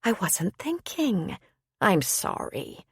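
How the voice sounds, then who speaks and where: A woman narrator voicing an older wife, married for decades, calm and soothing with a dry, weary humor, in an audiobook. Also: mid-range voice, slow, husky, no echo, voice pushed up, exaggerated voice. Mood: wry.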